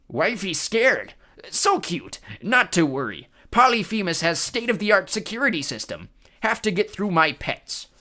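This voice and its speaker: A man's voice: sits high, sing-song, a little slow, sharp tone, voice pushed up, heavily acted. A man voicing a huge boastful male cyclops who growls and talks in broken grammar. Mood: gloating, boastful. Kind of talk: audiobook character voice.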